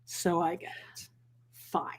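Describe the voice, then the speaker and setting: A woman's voice: medium pitch, animated, normal speed, crowd noise. A woman co-hosting a live stream, chatting casually and snarkily about a reality show, quoting people and laughing often. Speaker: podcast co-host. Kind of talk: casual snarky TV recap chat. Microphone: home podcast mic, live stream.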